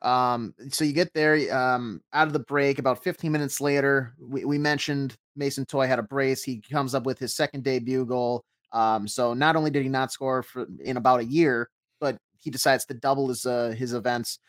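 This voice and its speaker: A man's voice: medium pitch, steady tone, a bit bright, dry recording. Man recapping a soccer match. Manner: measured play-by-play recap with many fillers. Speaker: soccer podcast host. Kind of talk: casual sports recap.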